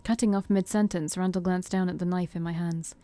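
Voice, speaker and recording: A woman streamer reading a visual novel aloud in steady narration, with small stumbles. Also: lowish voice, fairly quick, no room sound, faint music behind. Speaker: let's-play streamer.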